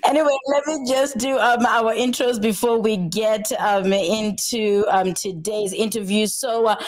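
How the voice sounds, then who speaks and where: A woman's voice: fairly high pitch, fairly even intonation, unhurried. A woman hosting an online radio interview, upbeat and hyping her guest in casual chat. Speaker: radio host.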